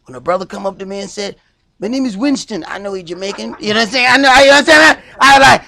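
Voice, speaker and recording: A man preaching a sermon as priest, stressing points by slowing down and raising his voice. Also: sits high, lively intonation, creaky. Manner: emphatic preaching, slows and shouts for stress.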